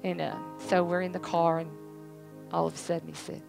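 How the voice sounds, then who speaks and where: A woman's voice: on the low side, flat delivery, a little slow, creaky, pauses often, music in the background, low-quality recording. A middle-aged woman giving an earnest, emphatic church testimony, repeating herself for weight. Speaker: church speaker, pastor's family.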